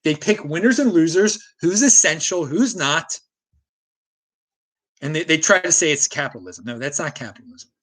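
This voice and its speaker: A man's voice: on the high side, expressive, normal speed, a bit bright. An American man hosting a solo livestream, ranting with strong opinions and reading chat comments aloud. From United States. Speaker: livestream host.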